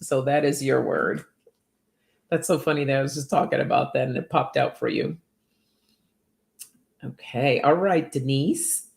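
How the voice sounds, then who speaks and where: Chatty gravelly-voiced woman reading cards. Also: extremely low pitch, a little slow, pauses often, a little mellow. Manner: chatty, upbeat, laughs often, calls viewers by name. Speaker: oracle card reader. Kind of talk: casual livestream card reading.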